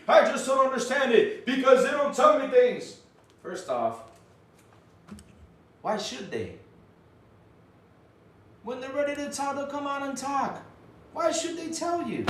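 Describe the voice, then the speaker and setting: Male podcast host, high, animated and profane on a casual livestream, roomy echo. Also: slow pace, pauses often, a little hiss or hum. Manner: animated, swears freely, acts out quotes.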